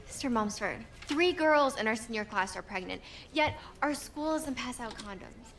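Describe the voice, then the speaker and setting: A woman's voice: a little high, lively intonation, normal speed, fairly bright tone, slight background noise. Blunt teen girl reporter. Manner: blunt, indignant. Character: frustrated outspoken teenage girl reporter. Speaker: high school student journalist.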